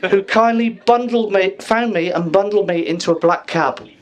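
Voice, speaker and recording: High-voiced father giving a wedding speech. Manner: jokey, teasing, drawn-out pauses for laughs. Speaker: father of the bride. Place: wedding reception room.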